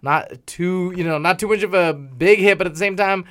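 Excitable man hosting a music chat. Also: high voice. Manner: excitable, laughs often, quick interjections. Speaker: podcast host. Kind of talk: casual music review chat.

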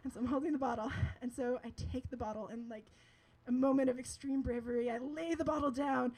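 A woman's voice: high voice, steady tone, fairly quick, darkish tone, low-quality recording. A young woman telling a personal story to an audience, chatty and laughing often, with lots of filler words.

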